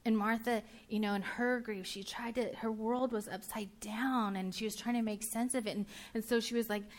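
A woman preaching a casual, conversational sermon, chatty and full of quick restarts, laughing easily and bantering with her listeners. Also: fairly high pitch, fairly even intonation.

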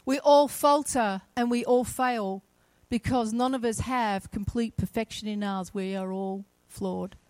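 A woman's voice: a little high, a little slow, hardly any pauses, a little mellow, no room sound, rough recording. A woman preaching a sermon, telling the story dramatically and acting out the voices in it.

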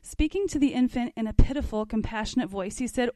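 Woman teacher, fairly high voice, reads aloud and asks the group questions, dry sound. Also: quick pace, hardly any pauses, dark tone, no echo. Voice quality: conversational, asks the class questions. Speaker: parenting class teacher. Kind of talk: reading aloud from a book and commenting.

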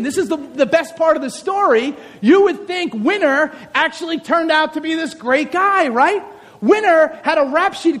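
A man giving an animated, joking sermon, acting out scenes as he tells stories, in a reverberant hall. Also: extremely high pitch. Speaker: speaker, high school teacher. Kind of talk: sermon with comic storytelling.

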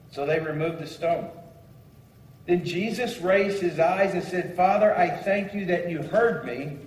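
A man's voice: sits high, measured pace, a little hiss or hum. A man preaching a sermon, reading scripture aloud and commenting on it with shifting emphasis. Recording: echoey hall, voice from far off.

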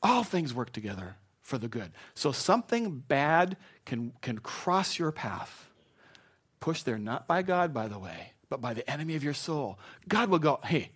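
A man's voice: mid-range voice, a little slow, slightly rough. Middle-aged male pastor, earnest conversational sermon delivery, frequent restarts, mid-range voice. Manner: earnest, conversational, with many restarts and lively swings in emphasis.

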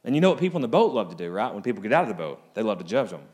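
A man preaching a sermon as pastor, swinging between loud, rising appeals and quiet, low asides. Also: very animated, racing.

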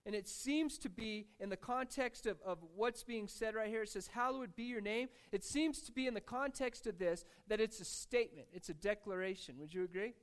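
A man's voice: sits high, fairly quick, few pauses, clean tone. A male pastor giving a conversational sermon to a live congregation, talking casually and now and then joking with the crowd and asking it to respond. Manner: casual, conversational preaching with fillers; jokes with and engages the congregation. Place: church in front of a congregation.

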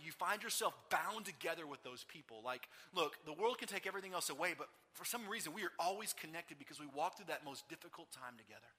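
A man preaching a sermon, telling the story with feeling and acting out the people in it. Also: fairly high pitch. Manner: animated storytelling, voicing the people in the text. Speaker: pastor. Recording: long hall reverb.

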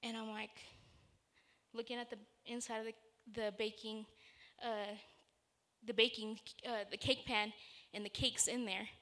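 A woman preaching a sermon with a bright, forceful voice pitched a bit high. She talks in an earnest, conversational way and leads from a personal story into scripture. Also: flat delivery, a little slow.

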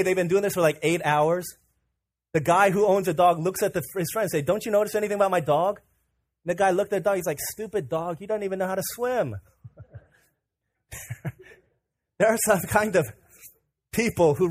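A young man preaching a sermon, animated and casual, who tells stories and acts out the voices of the people in them. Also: sits high. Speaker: pastor.

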